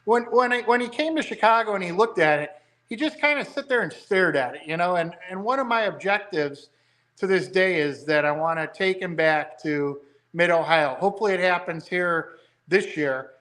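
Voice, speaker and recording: A man's voice: high-pitched, animated, moderate pace, a bit bright. A man talking as a guest about building a car, telling rambling, enthusiastic stories. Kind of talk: casual chat.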